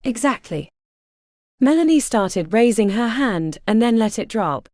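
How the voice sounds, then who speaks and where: A woman reading a fantasy audiobook as its narrator, in an expressive storytelling manner. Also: fairly high pitch, moderate pace, dry recording, studio quality. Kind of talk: scripted narration.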